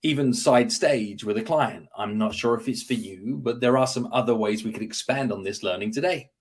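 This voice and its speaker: A man's voice: mid-range voice, moderate pace. A man explaining persuasion techniques in an interview, confidently acting out sample phrases as he teaches. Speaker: guest speaker on persuasion.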